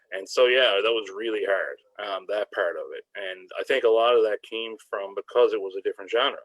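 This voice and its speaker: Low-voiced author reading his novel. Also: no room sound, low-quality recording. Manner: hesitant with many ums when speaking freely. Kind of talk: reading aloud and answering questions. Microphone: video call.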